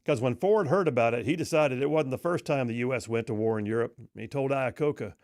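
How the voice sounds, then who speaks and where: A man's voice: medium pitch, brisk, hardly any pauses, a little mellow, no room sound, clean studio sound. A male talk radio host telling a story in a folksy, emphatic way.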